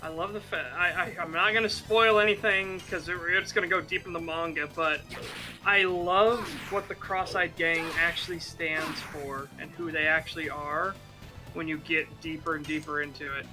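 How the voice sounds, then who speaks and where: A high-pitched man chats loosely on a stream, laughing often and swearing as he goes. Game music plays clearly behind his voice. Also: steady tone, normal speed. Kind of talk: casual stream chat.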